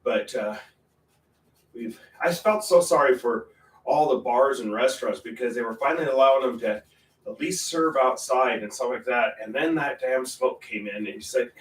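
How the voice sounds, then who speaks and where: A man hosting a painting livestream, rambling in casual chat with sudden loud bursts. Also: medium pitch, moderate pace. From Portland, Oregon area. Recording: roomy, from a distance, faint ambience.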